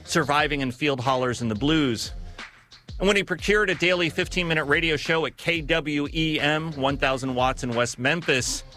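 A man giving scripted narration on music history in a measured, storytelling manner with occasional self-corrections. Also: fairly high pitch, sharp tone.

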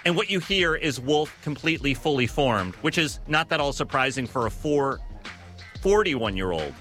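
A man giving scripted narration on music history in a measured, storytelling manner with occasional self-corrections. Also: a little high, lively intonation, fairly bright tone.

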